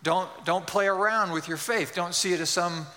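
Earnest preacher, bright high voice. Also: male voice. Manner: earnest, measured, drops softly at phrase ends. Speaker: pastor. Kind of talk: sermon. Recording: long reverb in a hall.

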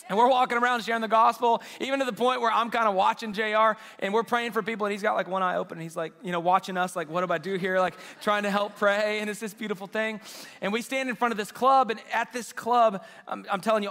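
A man's voice: high voice, pushed and bright, big-room sound. A man preaching a sermon, telling a story emotionally and acting out the dialogue. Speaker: pastor. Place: church auditorium.

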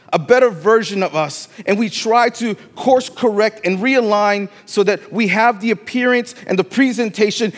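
A man's voice: sits high, in a large hall. A man with a Latino accent preaching a sermon as pastor, emphatic and repeating phrases for weight in a church sanctuary.

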